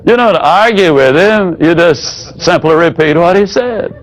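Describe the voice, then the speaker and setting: A man teaching a sales training seminar in a folksy, demonstrative way. He drops his voice low whenever he acts out an example. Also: lively intonation, moderate pace, hardly any pauses, poor audio.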